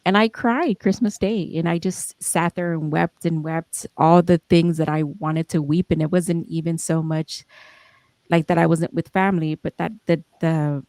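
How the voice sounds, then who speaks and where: A woman's voice: low voice, fairly even intonation, normal speed, darkish tone, dry recording. A young adult woman, the founder and host of a podcast, talking in a candid and emotional way with many restarts and fillers, swearing now and then. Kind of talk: reflective casual talk.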